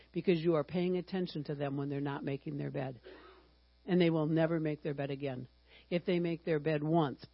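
A woman in her sixties teaching a Bible lesson in a chatty, humorous way, sometimes breaking into excited exclamations. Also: sits low, no echo, dull audio. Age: 60s.

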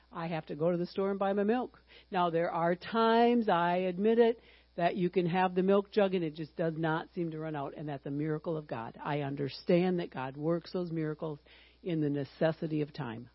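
A woman in her sixties teaches a Bible lesson in a chatty, joking way. Her talk leaps into excited outbursts. The recording sounds muffled and dry, with a faint hum underneath. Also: lowish voice, dry recording. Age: 60s. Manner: chatty and humorous, bursting into excited exclamations.

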